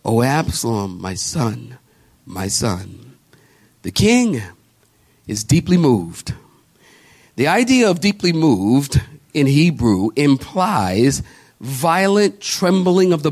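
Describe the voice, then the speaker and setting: A male pastor preaching a sermon, building emphasis through repetition and calling on the congregation to respond. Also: mid-range voice.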